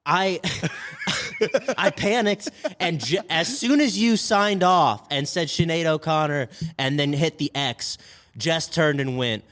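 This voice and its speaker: Man, podcast co-host, animated storyteller, fairly high voice, recorded outdoors at a park. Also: a little slow. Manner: animated storytelling, jumps high when excited. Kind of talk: casual comedic chat.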